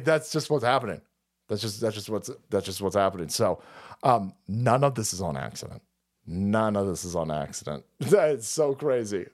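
Foul-mouthed sarcastic male streamer. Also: mid-range voice. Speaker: livestream host. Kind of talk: ranting livestream commentary.

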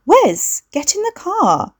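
A woman's voice: extremely high pitch, huge pitch swings, takes it slowly, pitched above the performer's own voice, exaggerated voice. A woman voicing a bubbly, pushy young woman with an artificially cultured voice and a slight Essex twang. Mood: shrill insistent.

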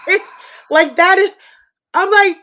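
A woman co-hosting a casual movie review chat, animated and laughing often, acting out her own reactions. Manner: animated, laughs often, quotes herself with swings in pitch.

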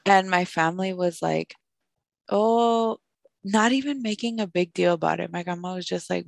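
A young woman podcast host telling a personal story in a casual, animated way, with lots of "like". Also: fairly low pitch, normal speed, vocal fry, dry recording. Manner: animated, fills speech with "like", acts out quoted voices.

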